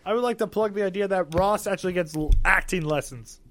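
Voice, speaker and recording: A man's voice: high-pitched, quick pace, over a noisy crowd. A young man co-hosting a film podcast, arguing bluntly and swearing in casual banter. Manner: blunt, argumentative, profane. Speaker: podcast co-host. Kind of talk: casual chat.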